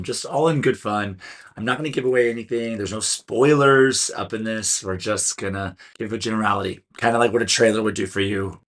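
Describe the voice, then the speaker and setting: In a casual solo video, a man with a Californian American accent reviews a film in a chatty, earnest way, tripping over names now and then. His voice is fairly low in pitch with a fairly bright tone.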